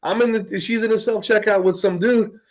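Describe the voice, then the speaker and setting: Here a man talks at a fairly high pitch while he tells a rambling story, with plenty of cursing along the way. His casual delivery breaks into laughter again and again. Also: fairly even intonation, a little fast. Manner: profane, rambling, laughing often. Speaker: host.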